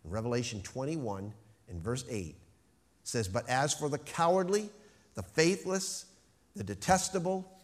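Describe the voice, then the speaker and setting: A man preaching a sermon, stressing key words with slow, emphatic phrasing. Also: mid-range voice, lively intonation. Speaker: pastor.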